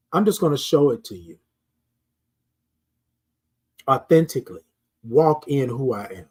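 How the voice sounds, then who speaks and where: A middle-aged man speaks in a slightly higher voice, preaching about self-worth on his morning live stream. He repeats his phrases like a sermon and stops to greet viewers in the chat. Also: darkish tone, breathy edge. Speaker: host of a morning live show. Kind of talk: motivational live-stream talk.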